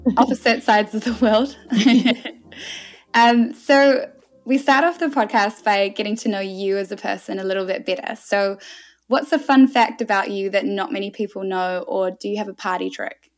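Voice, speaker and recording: A woman hosting a podcast interview, upbeat and quick to laugh, talking with her guest over a video call. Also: medium pitch, fairly even intonation. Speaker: podcast host.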